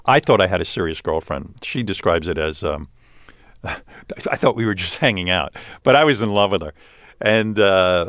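Older New York man, interview guest, animated and self-deprecating, dry studio mic. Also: sits low, dry recording. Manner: animated, self-mocking storytelling with frequent restarts. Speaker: radio host as guest. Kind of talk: casual interview talk.

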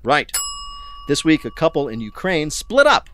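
A man hosting a news quiz, reading questions briskly and landing wry punchlines. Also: a little high, very animated, a bit bright, a little hiss or hum. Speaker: quiz show host.

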